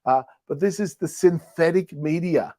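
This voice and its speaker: A man's voice: a little high, moderate pace, darkish tone, no room sound. A man co-hosting a casual talk show, telling stories with a playful manner and mimicking animal and neighbor voices. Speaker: co-host. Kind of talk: casual chat.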